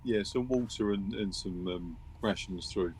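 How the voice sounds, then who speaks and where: Male player, low voice, wry and plain-spoken. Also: measured pace, a little mellow, slight background noise, low-quality recording. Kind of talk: casual play in a tabletop game. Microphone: home microphone on a live stream.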